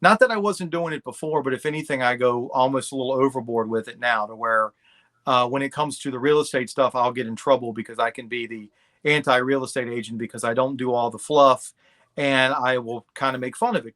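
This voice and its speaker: A man's voice: mid-range voice, brisk, fairly bright tone. A middle-aged man talking candidly and bluntly as a guest in a casual interview. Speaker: podcast guest.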